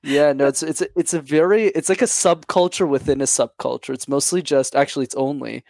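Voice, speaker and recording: Gravelly-voiced man with a light Quebec accent. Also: a little high, steady tone, a little mellow, dry recording. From Canada, Montreal. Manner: friendly, quick, with laughs and restarts. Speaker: guest, YouTube channel host. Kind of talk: casual interview chat.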